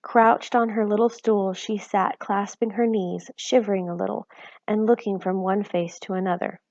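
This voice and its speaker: A woman reads a children's novel aloud in a calm, even storytelling voice at a middle pitch. The sound is dull and lo-fi. The room is dry, with no echo. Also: moderate pace. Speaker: reader.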